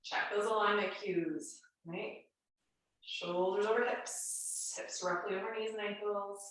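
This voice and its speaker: A woman's voice: mid-range voice, steady tone, unhurried, a bit bright. Congested woman coaching in an echoey room. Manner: chatty, reassuring coaching cues. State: congested, nasal. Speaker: fitness instructor. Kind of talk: guided home workout instruction. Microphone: camera mic at a distance. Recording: very echoey room, voice far from mic.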